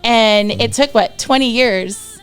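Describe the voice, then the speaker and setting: A woman in her thirties with a Texan accent, a singer guest on a podcast, telling stories in a lively way and acting out the voices of the people she quotes. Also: fairly high pitch, slow, clear, resonant tone, faint music behind. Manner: animated storyteller, acts out quoted voices. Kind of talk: casual storytelling interview.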